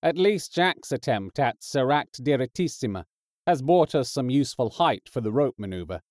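A man reads the narration of an audiobook in a steady, measured way. His voice sits at a middle pitch. The sound is dry and close. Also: no echo.

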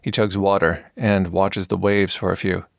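Man narrating an audiobook, gravelly, low voice, dry close sound, measured. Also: flat delivery, dry recording.

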